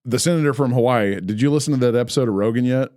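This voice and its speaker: A man's voice: medium pitch, rapid-fire, darkish tone, no echo, clean studio sound. A man in his late thirties co-hosting a podcast, rambling and opinionated in casual chat with jokes. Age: 30s. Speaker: podcast co-host.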